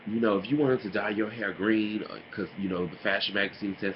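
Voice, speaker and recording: A man in a casual opinion vlog, talking in a sassy, animated way and mocking others with put-on impressions. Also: lowish voice, brisk. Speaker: vlogger. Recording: dull lo-fi home recording with noise.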